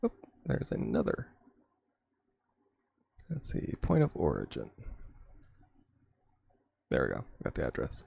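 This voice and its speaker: A man's voice: a bass voice, wildly swooping pitch, slow pace, vocal fry, pauses often, warm tone, slightly rough. A man streaming a game, chatting casually and rambling with frequent chuckles. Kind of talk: casual gameplay chat.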